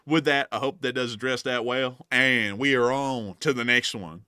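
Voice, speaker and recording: A man's voice: medium pitch, moderate pace, few pauses, sharp tone, smooth, no echo, clean studio sound. A young man co-hosting a live news stream, upbeat and chatty as he thanks supporters, laughing often. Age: young adult. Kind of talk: live-stream super chat thank-yous.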